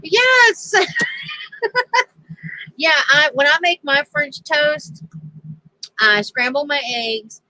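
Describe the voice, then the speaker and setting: A woman's voice: fairly high pitch, sharp tone, dry recording, poor audio. A woman telling a casual story on her crafting channel, chatty and laughing often as she quotes others.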